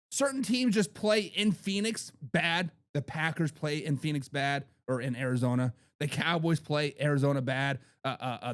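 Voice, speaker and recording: A man hosting a sports talk show, making hyped, trash-talking predictions and repeating lines for emphasis. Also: sits high. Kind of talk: animated sports predictions monologue.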